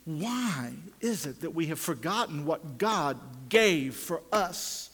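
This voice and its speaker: Older man, preacher, sermon, fairly high voice, fervent loud build-ups then hushed pleading, long hall reverb. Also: lively intonation, slow pace, few pauses, breathy edge.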